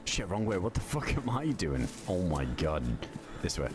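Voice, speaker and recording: A man's voice: sits low, very animated, moderate pace. A man streaming a survival game, chatting loosely with lots of fillers and swearing. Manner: rambling, filler-heavy, swears casually. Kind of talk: casual gaming livestream chat. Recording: constant background noise.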